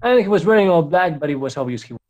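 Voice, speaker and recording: A man's voice: on the high side, expressive, fast talker, darkish tone. A young man reading a fan fiction aloud for laughs, often breaking into giggles as he comments. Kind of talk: comedic dramatic reading with commentary.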